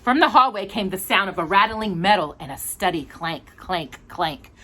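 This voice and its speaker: A woman storyteller reading a picture book aloud. Her voice is bright, and her pitch moves a great deal as she animates the story. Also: normal speed. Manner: expressive, animated.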